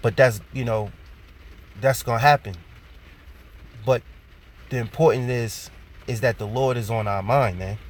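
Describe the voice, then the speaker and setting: A man's voice: mid-range voice, slight background noise. Man preaching casually, tagging "man". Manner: casual, ends phrases with "man", repeats points; reads scripture slowly and deliberately. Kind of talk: informal sermon with scripture reading.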